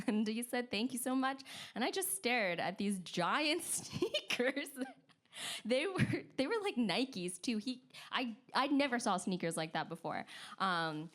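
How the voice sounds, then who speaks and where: A woman's voice: a little high, sing-song, a little slow, a bit bright. A woman telling a personal story on stage at a story slam, chatty and self-deprecating, laughing often between lines. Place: stage at a live story event.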